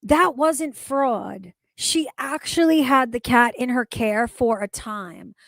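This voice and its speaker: A woman streaming her reaction to another stream, slow and deliberate, with a slightly high voice. She swears freely and sounds openly incredulous. The sound is dry and close. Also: vocal fry, a bit bright, dry recording. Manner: exasperated, heavy swearing, incredulous. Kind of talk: profane reaction commentary.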